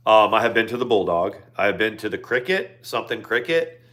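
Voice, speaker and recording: Livestream co-host, man in his fifties, low-pitched, loose rambling delivery. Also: lively intonation, fairly quick, a bit bright. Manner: rambling, with many fillers. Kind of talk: casual chat.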